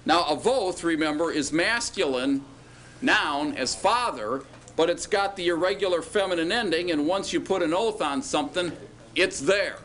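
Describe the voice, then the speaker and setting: A man's voice: a little high, expressive, normal speed, fairly bright tone, a little hiss or hum. A man teaching a classroom lecture, patiently asking students questions and drawing out words as he explains.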